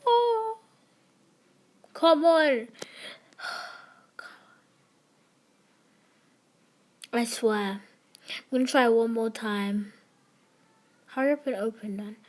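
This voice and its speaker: Slow-talking young woman gamer. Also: on the high side. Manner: chatty, giggly, easily excited. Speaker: gamer streamer. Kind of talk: casual game commentary.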